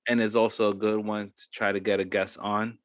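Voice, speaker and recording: A man's voice: on the low side, flat delivery, brisk, slight background noise. A man co-hosting a casual podcast, giving brief laid-back replies. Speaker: podcast co-host.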